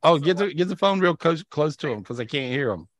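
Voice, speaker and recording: A man with a fairly high, expressive voice speaks a little fast while hosting a live video-call podcast. A spiritual healer and show host, he guides a healing, then greets people, warmly effusive and repeating his words.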